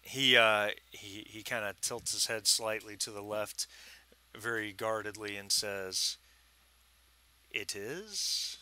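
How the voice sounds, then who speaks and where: Bright-voiced man narrating a tabletop game. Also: lowish voice, little pitch movement, smooth. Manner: halting, many fillers and restarts. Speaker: game master. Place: home, at a computer.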